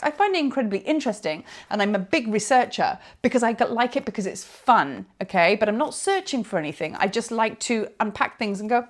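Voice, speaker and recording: Woman, spiritual teacher, casual rambling monologue outdoors, animated. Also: on the high side, fairly quick, hardly any pauses. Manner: chatty, rambling, animated, with laughs and trailing asides. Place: outdoors on a hilltop.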